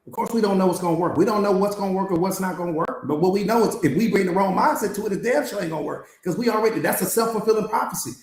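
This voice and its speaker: A man's voice: high-pitched, rapid-fire, few pauses. A man coaching on mindset in a live class, emphatic and repetitive, slangy, firing off rhetorical questions. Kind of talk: live-streamed motivational master class. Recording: echoey room.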